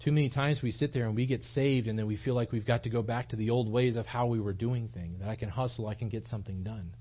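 A man's voice: mid-range voice, steady tone, quick pace, dull audio. A man preaching a sermon in a small church, earnest and emphatic, repeating himself as he builds his points. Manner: earnest, repetitive, emphatic delivery with frequent restarts. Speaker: pastor.

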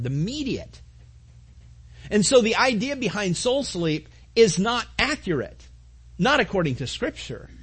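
A man's voice: high-pitched, husky. A man preaching a sermon to his congregation, earnest, with repetitions and asides to the listeners. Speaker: pastor.

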